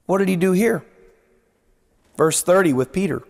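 A man preaching a sermon as pastor, swinging from raised, emphatic lines to hushed ones and repeating phrases for emphasis. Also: high voice, moderate pace, gravelly.

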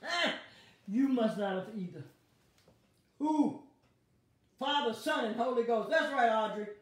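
A woman pastor teaches an online Bible study in exuberant call-and-response. Her high voice swoops widely and she laughs often. The sound is very echoey and picked up from across the room. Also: expressive, unhurried. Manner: exuberant, laughing, calls out congregants by name. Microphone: device streaming to viewers online. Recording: very echoey, heard from a distance.

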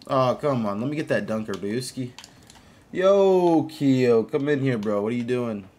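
Streaming a game live in a brisk, mid-range voice, a man chats casually with his audience. He greets viewers by name and reacts out loud to plays.

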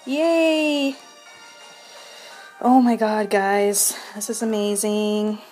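A young woman streaming a video game, breathless and shaking with excitement, gushing and repeating her exclamations. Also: on the high side, a little slow, faint music behind. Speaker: shiny hunting streamer. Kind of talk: excited live game commentary.

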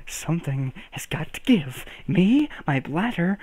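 A man's voice: fairly high pitch, very animated, slow pace, background noise. A young man talking to himself while learning to juggle, counting throws aloud, laughing at himself and swearing when he drops them. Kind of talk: casual self-talk while practicing.

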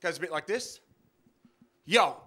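A man's voice: sits high, a little fast, fairly bright tone. A man in his thirties doing a rambling, self-deprecating stand-up set, full of ums and uhs. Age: 30s. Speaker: stand-up comedian.

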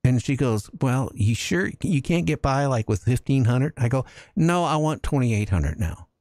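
A man hosting a casual talk radio show, telling jokey stories with lively energy. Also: medium pitch, moderate pace, no echo, clean studio sound. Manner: animated storytelling, jokey.

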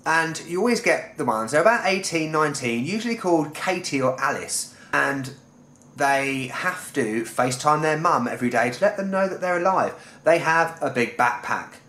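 A young man from London rants about fellow travellers in a comic vlog, sarcastic and exasperated, with plenty of swearing. His voice sits a little high for a man. The room around him echoes noticeably. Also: lively intonation, normal speed, a bit bright. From London, England. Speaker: travel vlogger.

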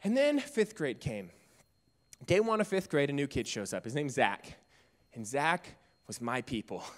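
A man's voice: mid-range voice, very animated, a little slow. A man in his thirties giving a motivational speech at a youth event, telling a personal story with energy and self-mocking humor. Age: 30s. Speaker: keynote speaker.

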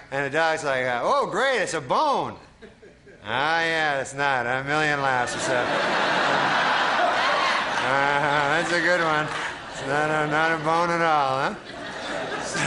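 A man from Canada doing a stand-up comedy set, deadpan and rambling with lots of fillers. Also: on the high side. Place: TV studio stage. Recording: crowd laughter and noise of a TV studio audience.

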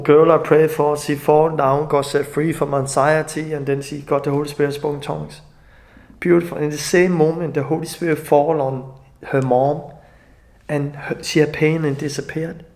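A middle-aged man with a Danish accent telling an emotional personal testimony, halting and often restarting his sentences. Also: on the high side. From Denmark. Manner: halting, restarts often, non-native grammar. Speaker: ministry leader.

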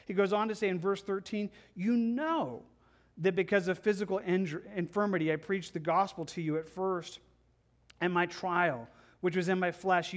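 Man, pastor, sermon, earnest and pleading, stammering restarts, higher-pitched voice.

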